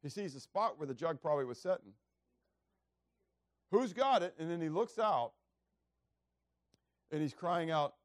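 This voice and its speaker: A man's voice: a little high, animated, unhurried, pauses often, dry recording, clean studio sound. A man preaching a sermon in a conversational way, asking the listeners questions and acting out biblical speeches in a raised voice. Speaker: pastor.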